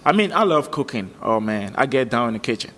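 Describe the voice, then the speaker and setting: A man from Africa, a musician guest, chatting casually in an animated, slangy way and laughing often. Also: medium pitch, quick pace, big-room sound, a crowd in the background. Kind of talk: casual chat.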